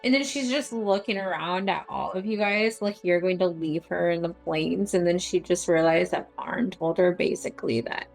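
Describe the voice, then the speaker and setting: A woman's voice: fairly low pitch, normal speed, vocal fry, few pauses, faint music behind, low-quality recording. Chatty woman player at a tabletop game. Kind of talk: casual tabletop role-play.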